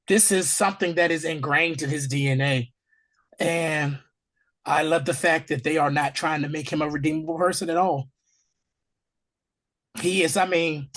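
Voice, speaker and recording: Male podcast host, hoarse and husky, casual animated recap style. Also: on the high side. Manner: animated, acts out scenes in character voices. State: hoarse from allergies. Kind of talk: casual TV episode recap chat.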